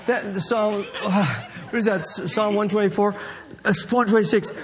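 A man's voice: high-pitched, measured pace, a faint crowd. A man preaching a sermon, telling a story with mimicked voices and laughing so hard he is in tears. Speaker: pastor.

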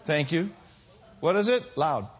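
A man preaching a sermon as pastor, swinging from soft, drawn-out lines to loud, shouted calls. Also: on the high side, big pitch swings.

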